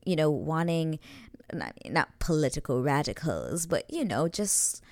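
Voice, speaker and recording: A woman's voice: deep voice, sing-song, measured pace, darkish tone, no echo. A young woman casually recapping a TV episode, chatty and gushing, sometimes dropping to a whisper. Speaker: show recap host.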